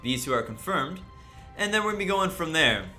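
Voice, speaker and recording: Upbeat high-voiced streamer in an echoey room. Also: male voice, big pitch swings, bright, forceful tone. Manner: upbeat, greets chat viewers rapidly by name. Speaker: livestream host. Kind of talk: casual livestream chat. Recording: roomy echo, faint music behind.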